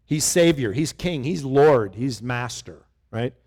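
A man's voice: mid-range voice, slow. A middle-aged male pastor preaching a conversational sermon, often asking his listeners questions. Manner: animated, conversational, asks the congregation questions.

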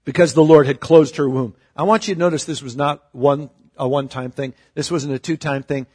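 A male pastor giving a conversational, humorous sermon, with sudden shifts between loud and soft. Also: a little high, fairly even intonation, a little fast, husky.

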